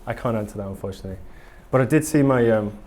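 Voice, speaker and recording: Speaking very fast in a lowish, darkish voice, an English conference speaker delivers a live talk and Q&A in a conference hall. He comes across as candid and enthusiastic, rambling with many ums.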